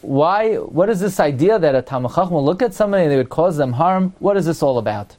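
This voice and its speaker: Rabbi asking question after question. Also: male voice, fairly high pitch, animated, darkish tone. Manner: asks rhetorical questions, quotes Hebrew verses slowly. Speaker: rabbi teaching Torah. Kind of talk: Torah class.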